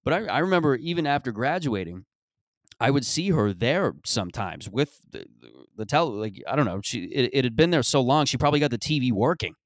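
A man's voice: mid-range voice, lively intonation, a little fast, no room sound, studio quality. Profane, sarcastic man rambling dryly. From Mississauga, Canada. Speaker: podcast host. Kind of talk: rambling comic monologue.

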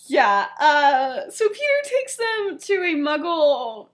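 A woman's voice: sits high, big pitch swings, slow. A young woman co-hosting a podcast, casually retelling a story with frequent giggles and lots of filler words. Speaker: podcast co-host.

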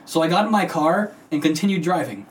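Guy putting on a higher excited other-guy voice, faint hiss behind. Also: brisk, reverberant, close to an everyday voice. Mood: animated. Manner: raised, animated storytelling voice. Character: excited man telling his shooting story.

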